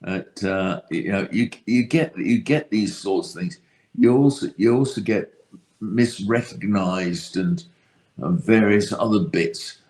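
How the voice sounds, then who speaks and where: A man's voice: fairly low pitch, unhurried, a little mellow. A man with a British accent telling a dry, self-deprecating anecdote as a guest. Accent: British English. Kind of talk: casual anecdote.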